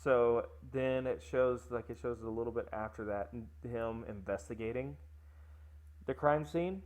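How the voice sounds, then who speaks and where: A man's voice: mid-range voice, a little mellow. A man co-hosting a podcast, recapping a film in casual chat with lots of fillers and restarts. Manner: rambling, filler-heavy, quick to laugh. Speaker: podcast co-host.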